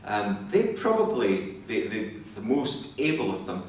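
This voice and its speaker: A Scottish man with a very low voice talks through his answers in a reflective, measured way during a live interview. He is picked up from across a hotel function hall. The room rings with heavy echo and a faint hum sits underneath. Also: very animated, distant mic. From Scotland. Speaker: interview guest, fiddler.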